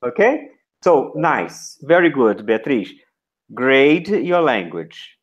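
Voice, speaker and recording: A man giving feedback to a trainee teacher, modeling classroom instructions in short, deliberate chunks. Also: mid-range voice, very animated, lo-fi sound.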